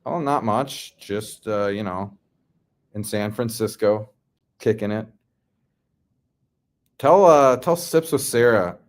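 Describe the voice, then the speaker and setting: Casual livestream host, man from the Midwest, lowish voice, slangy and relaxed. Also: slow pace, pauses often. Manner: laid-back, slangy, reads chat comments aloud. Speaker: livestream host answering chat.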